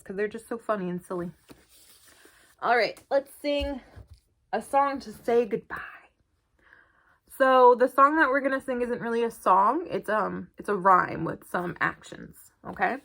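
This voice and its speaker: A woman's voice: fairly high pitch, normal speed, vocal fry. A woman librarian reading picture books to children in a virtual storytime and asking them questions. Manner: animated, asks children questions.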